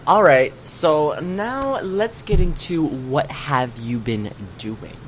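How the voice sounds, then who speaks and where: A man with a somewhat high voice co-hosts a relaxed gaming podcast. He talks in a loose, rambling way, full of "you know" and restarts. A faint hiss sits under the recording. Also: slow. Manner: chatty, rambling, many fillers and restarts. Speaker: podcast co-host. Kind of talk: casual podcast chat.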